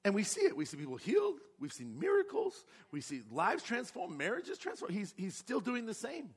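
A man's voice: very high voice, huge pitch swings, normal speed, slightly rough. A man preaching a sermon with passion, asking his congregation rhetorical questions. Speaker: pastor.

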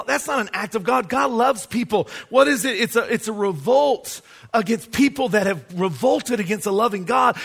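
A man's voice: very high voice, gravelly, a bit bright. A man preaching a sermon as pastor, emphatic and asking the congregation rhetorical questions.

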